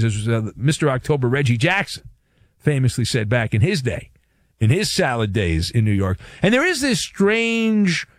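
A man's voice: on the high side, no echo, studio quality. A man hosting a sports talk radio show, delivering a playful, wisecracking monologue.

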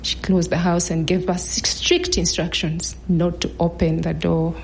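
A woman in her thirties telling a personal story in an earnest, measured way, now and then dropping to a hush. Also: lowish voice, little pitch movement, creaky, a little hiss or hum.

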